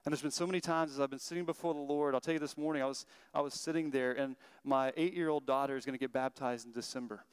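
Fast-talking, earnest male preacher. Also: medium pitch, fairly even intonation, smooth, no room sound. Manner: earnest, conversational storytelling with frequent restarts. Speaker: pastor. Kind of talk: sermon.

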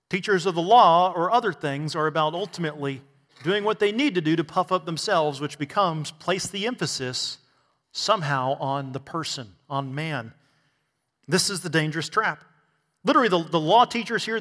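A man preaching to a gathered church, his high, bright voice carrying through a reverberant hall. He asks rhetorical questions and slips in touches of humor. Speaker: pastor. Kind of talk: sermon.

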